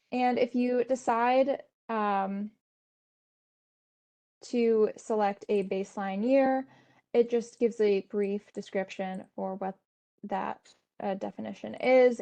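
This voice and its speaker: A woman presenting an instructional webinar, explaining steps in a steady tone with frequent "um" and "uh" fillers. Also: medium pitch, vocal fry.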